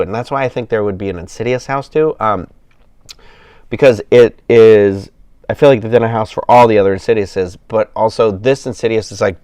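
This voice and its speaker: A man hosting a relaxed livestream from home, rambling and enthusiastic, with plenty of fillers and false starts. His voice sits fairly low and sounds tired, and the sound is dry and close with no room echo. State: yawning, tired. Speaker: livestream host. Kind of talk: casual livestream chat.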